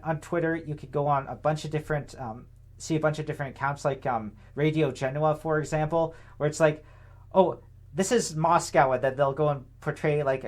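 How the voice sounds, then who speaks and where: A young man with a somewhat high voice talks through political commentary in a loose, unscripted way. He rambles, leans on fillers and tag questions, and sounds sarcastic and indignant. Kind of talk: casual commentary monologue.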